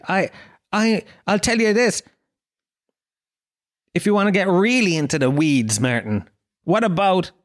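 Irish guy ranting on his podcast, kinda high voice, swears a lot, all worked up. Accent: Irish, Dublin. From Ireland. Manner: animated, swearing, mock-indignant. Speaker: podcast host. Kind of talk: casual solo podcast rant.

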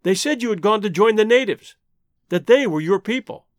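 A man's voice: high-pitched, lively intonation, moderate pace, no echo. A man reading an audiobook, voicing an earnest, emotional young woman in a raised, pleading tone. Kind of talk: audiobook character voice.

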